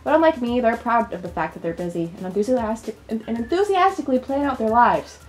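Woman voicing a worn-out young student, higher voice, game reading. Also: expressive, fast, faint music behind, natural voice. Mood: weary. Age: young adult. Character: overworked young female college student. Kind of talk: reading game dialogue aloud.

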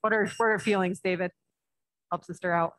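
In a church sanctuary, a woman pastor gives a children's message, chatting playfully with the kids and reading a picture book slowly with lively emphasis. Her voice sits lowish, and there's no room sound.

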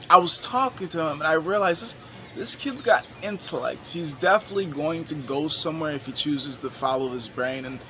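A young man vlogging, telling a rambling story in a casual, animated way and swearing freely. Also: a little high, slight background noise. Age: young adult.

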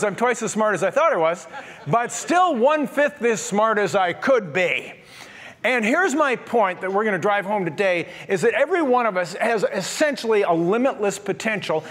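A man's voice: sits high, fairly bright tone. A man in his sixties preaching a sermon as pastor, telling stories with self-deprecating humor. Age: 60s.

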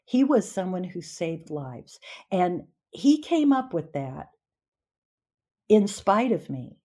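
Woman in her sixties, podcast guest, lively storyteller, does voices of people in her stories. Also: fairly low pitch, slow. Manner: animated storyteller acting out voices. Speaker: union leader and former teacher.

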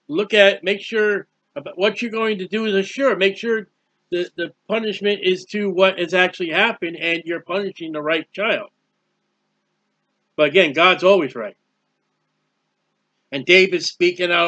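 A man's voice: sits high, fairly even intonation, moderate pace, long pauses, pushed and bright. A man giving an informal Bible study sermon, earnest and rambling, reading scripture aloud. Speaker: Bible teacher. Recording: dull lo-fi recording.

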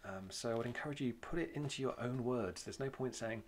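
Speaking fairly quickly in a mid-range voice, a Welsh-accented man gives an informal church talk about prayer. He keeps it plain and conversational, full of fillers, and repeats phrases to drive points home.

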